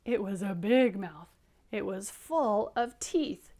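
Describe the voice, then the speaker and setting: A woman teacher reading a picture book aloud to young children, animated, dropping into hushed whispered asides. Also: medium pitch, takes it slowly.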